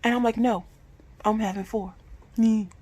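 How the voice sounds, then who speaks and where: Her voice is a little high and mellow, with fairly even intonation and a moderate pace, heard through a low-quality recording. In her late twenties, the vlogger speaks to her phone camera at home, candid, emotional and freely swearing in a personal talk.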